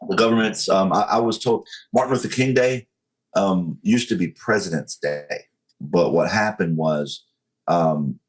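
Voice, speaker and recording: A man's voice: low voice, measured pace, rough recording. A man talking earnestly as a podcast guest, building his point with analogies and many fillers. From United States. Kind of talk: casual podcast conversation.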